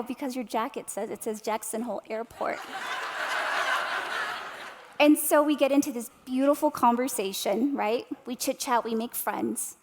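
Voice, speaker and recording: A woman in her thirties delivers a motivational keynote in a large arts-center hall, where a long reverb trails her words. Her voice is fairly high and darkish, at a moderate pace, as she tells animated stories and draws the audience in with tag questions.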